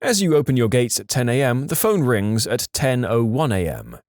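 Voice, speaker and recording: A man reads online stories aloud with a lively, bouncing pitch and a playful touch on quoted lines. His voice sits at a middle pitch and is recorded dry and close. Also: moderate pace, no room sound. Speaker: podcast narrator.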